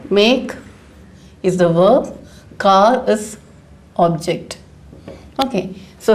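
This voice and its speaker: Middle-aged female teacher, grammar lesson, slow and deliberate, mid-pitched, patient questioning delivery. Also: a little mellow. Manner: slow, careful explaining with rhetorical questions.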